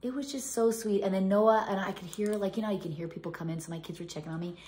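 Rambling home cook in an echoey room. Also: female voice, medium pitch, steady tone, quick pace, a little mellow. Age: middle-aged. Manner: rambling storyteller with many restarts and fillers. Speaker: home cooking vlogger. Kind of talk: casual chat.

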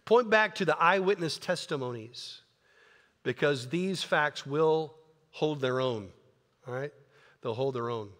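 A man's voice: on the high side, animated, measured pace, a bit bright, long reverb tail. A man pastor preaching a sermon in an earnest, conversational way, often repeating words. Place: church sanctuary.

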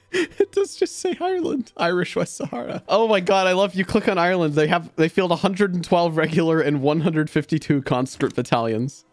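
A man chatting excitedly with friends while playing a strategy game, laughing often and swearing as he jokes around. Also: sits high, normal speed, no echo. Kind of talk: casual gaming banter over voice chat.

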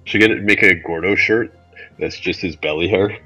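A man's voice: low voice, normal speed, bright, forceful tone, breathy edge. A man, a game developer streaming, chatting casually with a dry joking manner. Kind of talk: casual chat while playing. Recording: dull lo-fi stream audio. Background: faint music.

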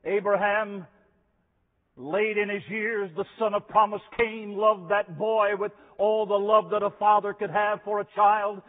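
A man's voice: high voice, little pitch movement, unhurried. A middle-aged man preaching a sermon in a chapel, with a rhythmic, repetitive cadence. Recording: phone-like archival chapel recording with long reverb.

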